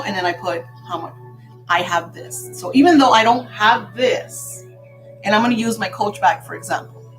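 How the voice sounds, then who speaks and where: A woman's voice: medium pitch, moderate pace, poor audio. Older woman, spiritual teacher, casual live class, tells stories and laughs a lot, faint music underneath. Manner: chatty storytelling with frequent laughs.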